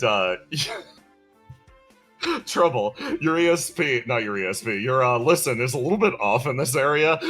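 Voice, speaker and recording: A man's voice: mid-range voice, fairly bright tone. A man narrating a tabletop game as game master, laughing often as he describes the scene. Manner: laughs constantly, giggly narration.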